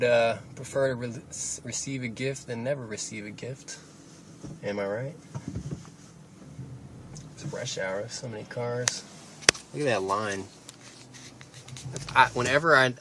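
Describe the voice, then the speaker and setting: A man's voice: medium pitch, a little slow, long pauses. A young man vlogging from his car while driving, rambling casually and swearing offhandedly. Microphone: phone camera held while driving. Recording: car noise behind the voice. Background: engine and road noise.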